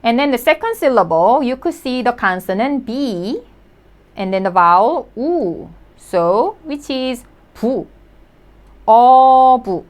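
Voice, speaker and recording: A woman's voice: on the high side, lively intonation, measured pace. A woman teaching vocabulary in English, sounding out each syllable and repeating every word. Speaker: Korean language teacher. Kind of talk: slow, clear vocabulary lesson.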